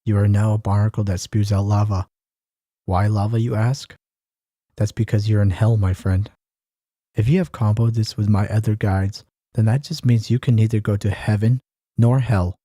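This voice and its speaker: A man giving a mock-instructional comedy monologue, sarcastic and deadpan at times, stammering repeated words, then bursting into animation. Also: lowish voice, moderate pace. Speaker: comedy vlogger.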